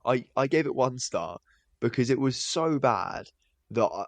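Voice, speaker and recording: A man's voice: medium pitch, expressive, a little slow, gravelly, dry recording. A young man co-hosting a film podcast, chatting casually and joking, with many restarts. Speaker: podcast co-host. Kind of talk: casual chat.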